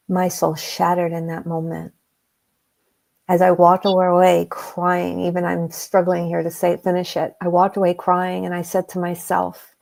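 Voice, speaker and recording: A woman, a guest, telling a personal story in an emotional, animated way. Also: lowish voice, unhurried, creaky.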